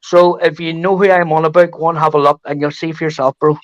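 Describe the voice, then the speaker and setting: A man hosts a rowdy group call on his stream, his voice sitting a little high. He speaks bluntly and chattily, forever calling his guests mate. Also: little pitch movement, fast, no room sound, lo-fi sound. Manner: blunt and matey, full of "mate" and "lad". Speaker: livestream host. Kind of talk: casual group call chat.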